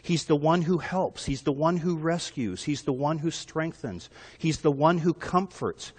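A man's voice: fairly high pitch, measured pace, breathy edge, in a large hall. A male pastor preaching a sermon in an earnest way, building emphasis with repeated phrases.

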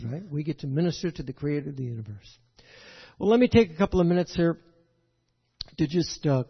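An older pastor with a fairly high, breathy voice rambles folksily through a sermon in a church sanctuary, frequently asking "right?" The audio is lo-fi and dull, with hall echo.

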